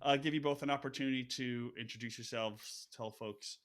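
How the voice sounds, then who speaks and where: A man's voice: medium pitch, steady tone, brisk, a bit bright. A man hosting a podcast, reading an upbeat intro and then chatting casually with his guests, stressing key words with big rises. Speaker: podcast host. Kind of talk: podcast intro and interview chat.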